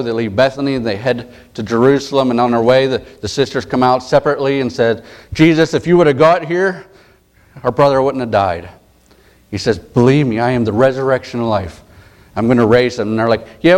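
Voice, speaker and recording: A man's voice: mid-range voice, a little mellow. Conversational man preaching a sermon. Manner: conversational storytelling preaching with frequent restarts. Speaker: pastor.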